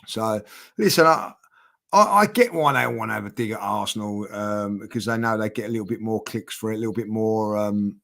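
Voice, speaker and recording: Man, football podcast host, halting and repetitive, lots of fillers, bright forceful voice. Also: fairly low pitch, creaky. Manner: halting, repeats words, many fillers like "you know". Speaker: channel host. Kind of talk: casual football podcast chat.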